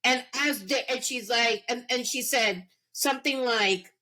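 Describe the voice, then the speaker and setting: Middle-aged woman, podcast guest, high voice, emphatic chatty delivery with filler words. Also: unhurried, sharp tone, poor audio. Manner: emphatic, many fillers, reenacts her own reactions. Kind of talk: casual podcast conversation.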